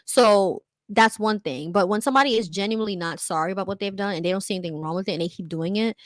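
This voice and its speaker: A woman's voice: mid-range voice, fast talker, dry recording. A young woman talks straight into her phone or webcam on a livestream, candid and emphatic. She keeps dropping "like" and "you know" into her sentences. The sound is close and dry, with no room around her. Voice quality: frequent "like" and "you know" fillers. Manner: candid, emphatic, acts out quotes in other voices. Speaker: vlogger. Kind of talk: livestream monologue.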